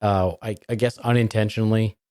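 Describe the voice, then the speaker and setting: A man's voice: on the low side, fairly even intonation, a little fast, warm tone, clean tone, no room sound, clean studio sound. A man, a podcast guest, teasing and coaching his co-host on how to tell jokes in casual chat. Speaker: podcast guest, joke teller.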